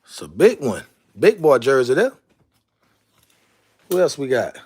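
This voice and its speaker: A man's voice: mid-range voice, sing-song, unhurried, a little mellow, breathy edge. A man chatting casually on a live stream, exclaiming to himself as he goes through jerseys. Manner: drawling, exclaiming to himself while sorting jerseys.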